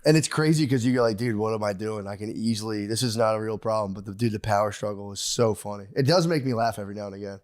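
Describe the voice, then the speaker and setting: A man in his thirties co-hosting a comedy podcast, rambling casually and acting out quotes with sudden high-pitched yelps. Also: quick pace, few pauses, darkish tone, dry recording, clean studio sound. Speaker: podcast co-host.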